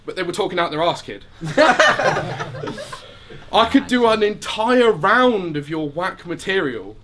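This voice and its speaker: A man's voice: high-pitched, sing-song, measured pace, fairly bright tone. Man trash-talking in rhymed battle bars. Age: late 20s. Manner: trash-talking in rhymed bars, laughing at his own jokes. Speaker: battle rapper. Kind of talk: live rap battle performance. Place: live venue before an audience.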